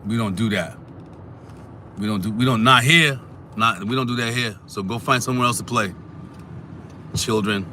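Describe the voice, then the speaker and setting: A man hosting a casual live stream, animated and talking back to his chat. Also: fairly low pitch, moderate pace, long pauses, a little hiss or hum. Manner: animated, talks back to chat, sings snatches.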